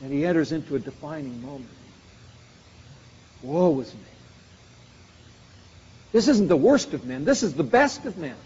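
A man's voice: fairly high pitch, sing-song, quick pace, hardly any pauses, darkish tone, slight background noise. A man preaching a sermon with an emphatic, repetitive cadence. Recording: muffled recording in a reverberant hall.

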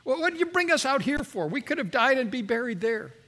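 A panicking, bitter crowd of ancient Israelites voiced by a preacher, mocking their leader with a sharp, sarcastic complaint. The voice rises well above his own and rings through a large hall with a long reverb. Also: extremely high pitch, animated, moderate pace, pitched above the performer's own voice.

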